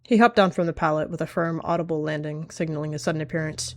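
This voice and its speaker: A woman's voice: sits low, steady tone, fast, few pauses, soft background music. A woman giving dramatic, vivid storytelling narration of a game roleplay. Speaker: channel host narrating a roleplay.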